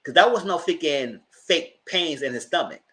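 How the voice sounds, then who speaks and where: Speaking at a normal pace, this man has a slightly high, expressive and somewhat bright voice. He's a TV reviewer and channel host doing a live recap, retelling the episode dramatically with slang and heated, profanity-laced commentary.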